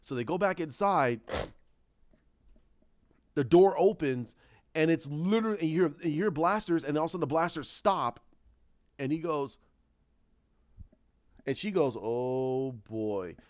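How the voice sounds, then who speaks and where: A man's voice: a little high, normal speed, long pauses, no echo, muffled recording. A man casually retelling a story idea as a video creator, rambling with frequent restarts and repeated words.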